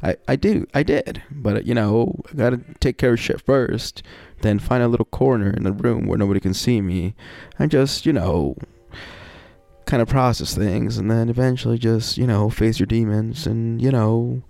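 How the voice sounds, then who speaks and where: A man's voice: medium pitch, normal speed, vocal fry, mellow, dry recording. A man in a casual personal monologue, rambling and reflective, leaning on "you know" and swearing often, with wry sighs and laughs between thoughts.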